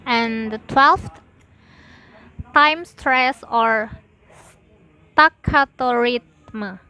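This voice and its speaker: A young woman, a student presenter, reading lesson notes aloud with deliberate pauses between phrases. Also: a little high, sharp tone, rough recording.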